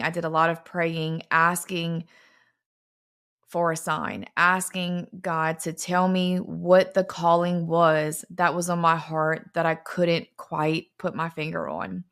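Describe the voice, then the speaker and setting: A woman's voice: lowish voice, fairly bright tone, clean tone. A middle-aged woman earnestly telling a personal story, as the founder of a fitness brand.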